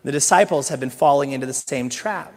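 A middle-aged male pastor preaching a sermon, animated, swinging from loud emphasis to hushed asides and playful acted voices. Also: medium pitch, brisk, creaky. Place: church sanctuary. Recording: church hall with long reverb.

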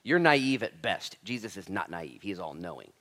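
A man preaching a sermon as pastor, impassioned and casual, swinging from loud emphatic lines to hushed near-whispers. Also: deep voice, sing-song, moderate pace. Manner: casual slangy address, says "dude" and "man".

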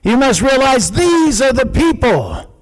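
Male pastor, sermon delivery, very high voice, unhurried, hammering short repeated declarations. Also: sing-song, slight background noise, low-quality recording.

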